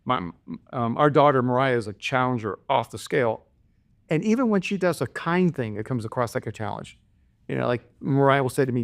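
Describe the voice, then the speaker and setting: A man who is a guest on a podcast, telling family stories in an animated way and laughing often. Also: mid-range voice, fairly quick, gravelly. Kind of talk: conversational storytelling.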